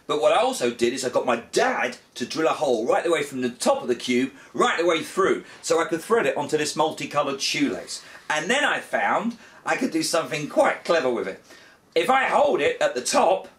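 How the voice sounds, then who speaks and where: Brief: male kids' magician, lively swooping delivery, jokey mock frustration. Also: on the high side, recorded from a distance. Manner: playful, mock-frustrated, big excited cheers. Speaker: children's magician. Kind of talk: comic magic show patter for children.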